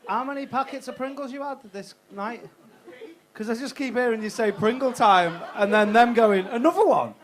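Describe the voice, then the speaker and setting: A man's voice: extremely high pitch, fairly even intonation, moderate pace. A young man doing a stand-up set in a comedy club, bantering cheekily with the crowd and swearing freely.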